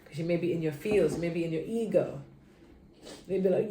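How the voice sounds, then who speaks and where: A woman reads tarot cards in a relaxed, chatty way, sounding tired from too little sleep. Her voice sits on the low side and drifts between quiet murmurs and sudden perky bursts. The room is echoey, with a faint background ambience. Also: a little fast, slight background noise. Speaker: tarot reader. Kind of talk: casual tarot reading.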